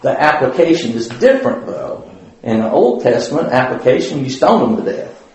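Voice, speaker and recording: A man's voice: medium pitch, big pitch swings, normal speed, a little mellow. A man giving an informal Bible lesson at church in a folksy, rambling way, with many fillers and restarts. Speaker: Bible study teacher. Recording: very echoey room.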